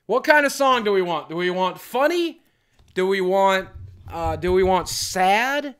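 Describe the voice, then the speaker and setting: A middle-aged man chatting and joking with his viewers on a live stream, teasing them and swinging between loud and quiet. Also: high-pitched, expressive, unhurried, clean tone. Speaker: livestreamer. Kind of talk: casual live-stream chat.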